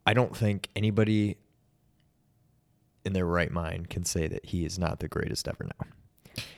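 Deep-voiced man on a podcast. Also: steady tone, moderate pace, vocal fry, darkish tone, no echo. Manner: opinionated, rambling talk. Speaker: podcast co-host. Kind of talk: casual chat.

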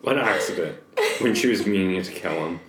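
A woman's voice: a bass voice, fairly quick, roomy sound. A woman co-hosting a podcast, making dry sarcastic comments in casual chat. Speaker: podcast co-host.

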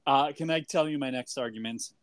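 A man's voice: medium pitch, brisk, smooth, no room sound. Guy cohosting a podcast, dry sarcastic banter, dry close sound. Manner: wry, argumentative, dry humor. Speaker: podcast co-host. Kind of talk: casual chat.

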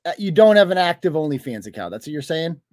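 A male host needles his guest with mocking questions, his pitch swinging widely as he talks. The sound is close and dry. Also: very animated, fast, dry recording. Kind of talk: confrontational talk show interview.

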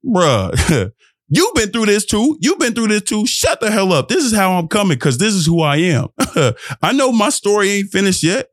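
A man's voice: a little high, moderate pace, no room sound, studio quality. A young man from Texas hosting his own podcast, giving a rambling, preachy motivational rant that jumps between thoughts and breaks into laughs. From Texas, USA. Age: young adult. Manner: animated, emphatic, laughs often. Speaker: podcast host.

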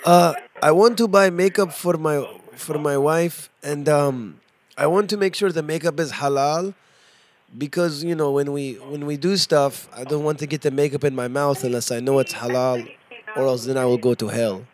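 A man putting on a Middle Eastern accent, playing an earnest, halting caller in a prank phone call. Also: on the high side, fairly even intonation, close to an everyday voice. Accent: put-on Middle Eastern. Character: overbearing male caller with put-on accent.

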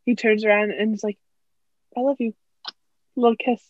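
A woman's voice: fairly high pitch, normal speed, dry recording. A young woman co-hosting a podcast, telling stories in casual chat, chatty and full of fillers. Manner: chatty, many fillers, animated storytelling. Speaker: podcast co-host. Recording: dull lo-fi dry sound.

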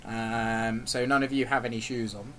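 A man's voice: mid-range voice, flat delivery, moderate pace, pushed and bright, distant mic, slight background noise. A man running a tabletop game as game master, narrating with lots of ums and "sort of". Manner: hesitant, many ums and "sort of".

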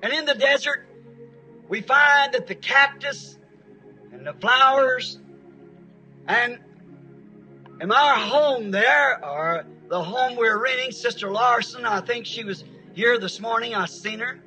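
A man from Arizona preaches a sermon as a story, folksy and plain-spoken, with homespun grammar. His voice is very high and bright. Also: slow pace, soft background music, low-quality recording.

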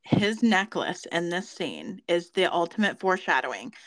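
A woman's voice: on the low side, very animated, normal speed, fairly bright tone, no echo, poor audio. A woman co-hosting a podcast in casual chat. She is emphatic, laughs a lot and repeats phrases for effect. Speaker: podcast co-host.

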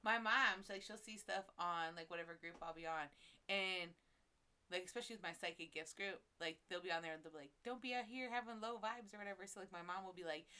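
A woman's voice: fairly low pitch, steady tone, fast, sharp tone, clear, resonant tone. A woman co-hosting a casual, profane podcast, telling blunt stories with lots of laughter. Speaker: co-host.

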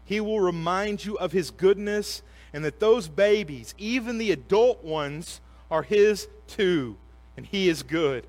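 A man in his forties preaching a sermon, earnest, with slow emphatic phrases that often drop to a soft hush. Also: sits high, expressive. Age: 40s.

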